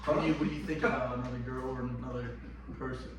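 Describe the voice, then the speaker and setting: A man's voice: medium pitch, fairly even intonation, fast talker. A man co-hosting a casual chat among teammates, teasing his friends as he quizzes them. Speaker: podcast co-host running a quiz. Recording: echoey room, far from mic, noisy.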